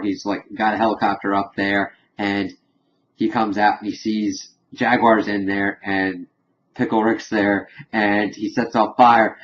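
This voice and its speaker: A man's voice: on the low side, slight background noise. Rambling man recapping, dull audio. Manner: rambling, heavy use of "like". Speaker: TV episode reviewer. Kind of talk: casual spoken episode recap.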